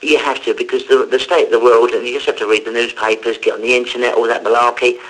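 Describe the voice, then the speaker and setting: A man with an unusually high, squeaky voice. He rattles along quickly with a bright, sharp edge. He is a lively guest telling anecdotes in casual chat. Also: poor audio. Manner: chatty, animated storyteller. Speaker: guest comedian and voice actor.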